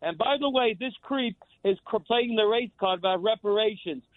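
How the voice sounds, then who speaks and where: A man's voice: sits high, normal speed, no echo. A male caller ranting heatedly on a talk radio show. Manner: heated, denouncing. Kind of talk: angry call-in rant. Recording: tinny phone line.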